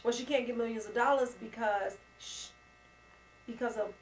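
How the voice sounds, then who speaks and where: A woman's voice: fairly high pitch, fairly even intonation, normal speed, a little hiss or hum, rough recording. A woman co-hosting a chat show, blunt and joking, teasing her partner. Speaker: co-host. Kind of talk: casual chat show banter.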